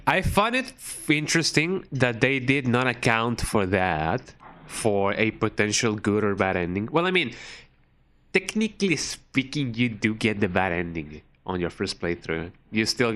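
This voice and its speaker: A man's voice: on the low side, expressive, moderate pace, a bit bright. A man streaming a video game, chatting in a rambling, jokey way that trails off with "you know". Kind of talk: casual live-stream commentary.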